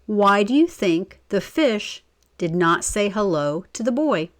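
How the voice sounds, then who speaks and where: Woman reading a story aloud, slow and lively. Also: mid-range voice, no room sound. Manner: expressive, asks the listener questions. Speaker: story reader. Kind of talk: children's storybook read-aloud.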